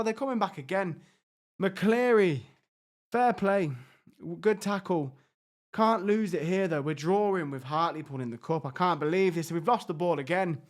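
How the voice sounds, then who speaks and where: Man, high voice, exasperated game commentary, talks to his players. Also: moderate pace. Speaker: gaming YouTuber. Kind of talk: live reaction commentary on a football management game.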